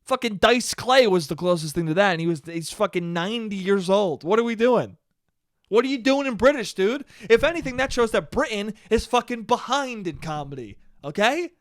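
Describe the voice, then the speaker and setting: A man's voice: high-pitched, animated, normal speed, no room sound, studio quality. An American man hosting a solo podcast, ranting in a sarcastic, profane, exasperated way. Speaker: podcast host. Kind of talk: solo comedic rant.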